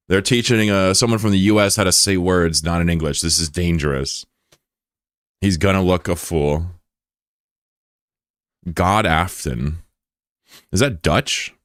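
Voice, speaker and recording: A man's voice: deep voice, fairly even intonation, unhurried, long pauses, dry recording, studio quality. A young American man streaming and chatting casually with his audience, joking around and stumbling as he tries words in other languages. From United States. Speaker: livestreamer. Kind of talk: casual chat with a live audience.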